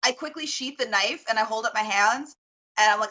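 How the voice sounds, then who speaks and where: A woman playing in a tabletop game, chatty and quick to laugh as she describes her actions. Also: a little high, bright, forceful tone. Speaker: player. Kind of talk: tabletop role-play. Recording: slightly dull lo-fi sound.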